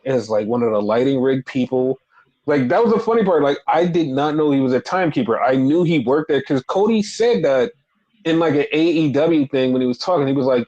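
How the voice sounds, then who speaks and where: A man's voice: on the high side, darkish tone, lo-fi sound. A man in his thirties hosting a wrestling podcast, ranting in a heated, profane, filler-heavy casual way. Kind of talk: casual rant.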